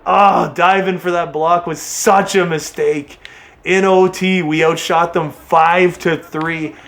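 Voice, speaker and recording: A man giving excitable play-by-play commentary on a hockey video game he is playing, cheering and groaning at his team. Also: sits high, slow pace, creaky. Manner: excitable play-by-play, yelling at the players. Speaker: gaming channel host.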